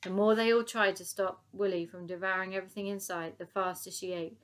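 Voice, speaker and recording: A woman reading a children's book aloud in a lively, expressive way, chapter by chapter. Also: medium pitch, brisk. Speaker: storybook reader.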